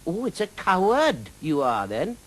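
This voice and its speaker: A man's voice: sits high, wildly swooping pitch, a little slow, voice pushed up, heavily acted. A man voicing a touchy male dragon in a children's storybook reading, blunt and accusing.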